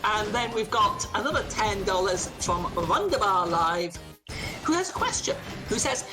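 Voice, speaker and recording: A woman's voice: medium pitch, animated, a little slow, music in the background. A woman hosting a marathon stream, cheerfully reading out donation messages.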